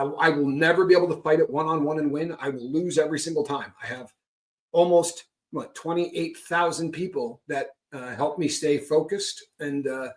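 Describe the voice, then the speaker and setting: Frank, emphatic man, a bit high. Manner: frank, emphatic, repeats points with "right?". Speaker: guest speaker on recovery. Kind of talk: candid conversational talk.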